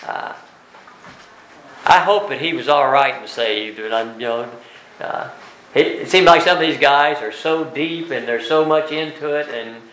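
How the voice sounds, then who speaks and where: A man's voice: medium pitch, measured pace, fairly bright tone. A man teaching a Bible study class, explaining verses word by word and asking the group rhetorical questions. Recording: roomy room echo.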